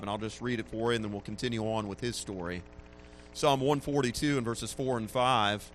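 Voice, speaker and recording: A man preaching a sermon who slows down to stress key phrases, rises to loud peaks and drops to a murmur at the ends of lines. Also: mid-range voice, slight background noise.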